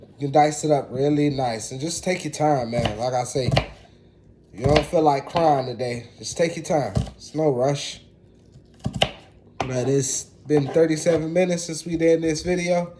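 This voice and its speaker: A man's voice: on the high side, a little slow, background noise. A man, chatting casually to viewers in a laid-back way while he cooks. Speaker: home cook. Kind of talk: casual cooking vlog.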